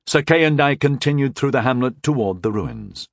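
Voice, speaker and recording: Male narrator, wry first-person storyteller, expressive pitch, dry booth sound. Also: moderate pace, vocal fry, no room sound. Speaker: audiobook narrator.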